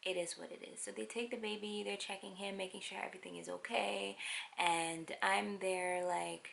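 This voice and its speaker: A young woman telling a personal story in a casual, animated, wry way. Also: medium pitch, creaky. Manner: animated, wry, quotes others in quick asides. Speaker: vlogger.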